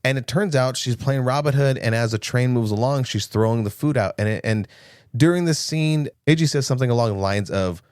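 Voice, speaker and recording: A man's voice: medium pitch, fairly quick, a little mellow, clear, resonant tone, no room sound, clean studio sound. A young man co-hosting a casual movie podcast, recapping scenes with jokes and quoted lines. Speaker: podcast co-host.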